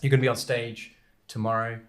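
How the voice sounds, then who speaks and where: The podcast host now speaks fairly quickly at a medium pitch, without much pitch movement. His talk in the Jersey studio stays rambling and casual, studded with fillers and restarts.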